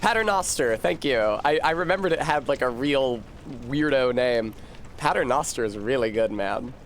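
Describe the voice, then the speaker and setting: A man's voice: mid-range voice, animated, normal speed, slight background noise. A man streaming a game, chatting casually in a profane, rambling way and laughing often. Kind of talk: casual gameplay chat.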